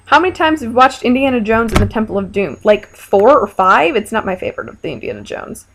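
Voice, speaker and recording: A woman's voice: on the high side, lively intonation, quick pace, slight background noise. A young woman vlogger answering viewer questions in a casual, frank and playful chat, with lots of fillers. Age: young adult.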